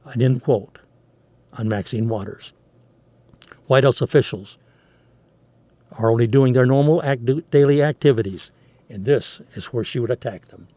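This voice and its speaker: A man's voice: mid-range voice, measured pace, long pauses, mellow, no room sound. A man hosting a commentary show, reading news articles aloud and adding indignant remarks, with some stumbles and restarts. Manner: indignant, reads quotes aloud with restarts and asides. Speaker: commentary host.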